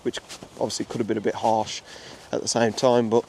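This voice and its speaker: Fairly low-pitched and a little mellow, a young man's level voice moves a little fast as he narrates a nature reserve walk. He's a wildlife photographer from England's Midlands, chatting casually with many fillers and restarts. Slight background noise can be heard.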